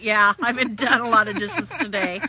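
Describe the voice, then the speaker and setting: A woman's voice: mid-range voice, moderate pace, pushed and bright. A woman author hosting a casual live-stream chat from her home, chatty and greeting viewers by name. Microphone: phone or laptop streaming live.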